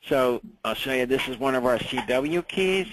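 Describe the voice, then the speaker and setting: A man teaching a ham radio class in a relaxed, chatty way, often checking in with the room. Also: mid-range voice, moderate pace, slight background noise, low-quality recording.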